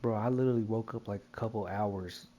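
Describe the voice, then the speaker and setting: A man telling a wild story in casual chat while gaming, animated and profane, laughing often. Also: on the low side, fairly quick, dull audio, slight background noise.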